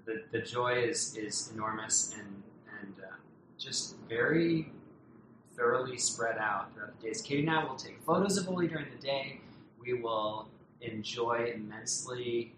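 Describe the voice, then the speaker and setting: A man talking warmly and at length about his young daughter, tender and rambling with many restarts and fillers. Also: medium pitch, normal speed, reverberant, noisy background. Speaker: parent being interviewed. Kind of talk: casual heartfelt conversation. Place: home in a loud neighborhood.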